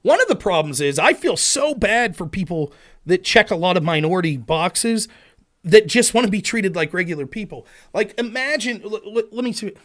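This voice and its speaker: A man's voice: sits high, animated, normal speed, fairly bright tone. A man hosting a political livestream, talking in an argumentative monologue and acting out quoted back-and-forth exchanges. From Pennsylvania. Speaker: political talk show host.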